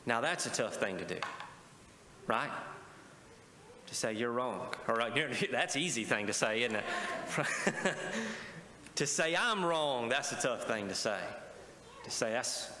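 A man's voice: mid-range voice, lively intonation, measured pace, pauses often, bright, forceful tone, a little hiss or hum. A male pastor preaching a sermon, often asking the congregation to respond. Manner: preaching with call-and-response asides. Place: church sanctuary. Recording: echoey church hall with faint ambience.

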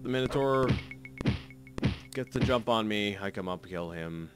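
A man in his thirties talks his way through a game session in a rambling, self-mocking way, stumbling over his words. His voice is bright and swings up and down a lot. Soft music plays faintly underneath. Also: on the low side, animated, unhurried, pauses often. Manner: rambling, self-mocking, frequent restarts and fillers. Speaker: let's play commentator. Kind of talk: gameplay commentary.

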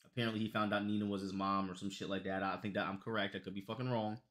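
A young man streaming live, chatting casually with viewers in a loose, profane, joking way that breaks into loud, high outbursts. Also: little pitch movement, rapid-fire.

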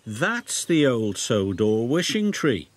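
A man's voice: mid-range voice, big pitch swings, slow, dry recording. A man voicing a friendly, helpful small male tank engine who speaks kindly. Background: loud background music.

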